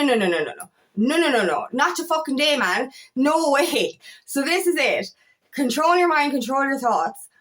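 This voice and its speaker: A woman's voice: high-pitched, fairly bright tone. A woman life coach talking in a motivational vlog, emphatic and blunt, swearing often and acting out her inner voices. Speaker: empowerment coach.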